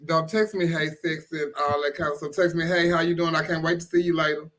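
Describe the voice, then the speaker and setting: Casting: high, bright male co-host, blunt and profane. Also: fast talker, slight background noise. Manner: blunt, animated, profane storytelling. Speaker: podcast co-host. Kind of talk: casual chat.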